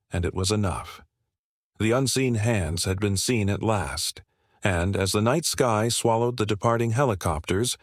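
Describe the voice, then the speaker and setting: A man narrating a scripted war story in a steady, measured storytelling manner. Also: fairly low pitch, no room sound, clean studio sound.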